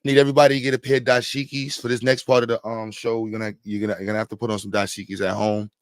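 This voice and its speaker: Middle-aged man, livestream host, low voice, dry close sound, joking and rambling. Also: flat delivery, very fast, no room sound. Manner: joking, rambling, loud bursts and laughs. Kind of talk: casual livestream commentary.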